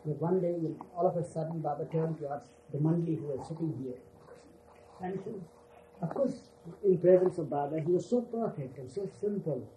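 Older male storyteller, mellow and dark tone, relaxed reminiscing talk. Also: on the high side, slight background noise, poor audio. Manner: unhurried, repeats "you see" often. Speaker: storyteller recalling his teacher.

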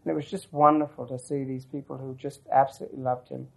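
A man's voice: mid-range voice, level tone, fast talker, vocal fry, poor audio. A man telling a long personal story as an interviewee, reflective and rambling, with frequent restarts and asides. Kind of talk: oral history storytelling.

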